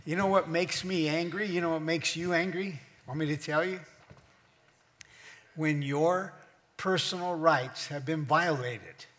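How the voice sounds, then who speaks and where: A middle-aged male pastor preaching a sermon in a church hall, his fairly high voice trailing off in a long reverb. He teaches as he goes and keeps turning questions back to the congregation. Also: a little slow, a bit bright.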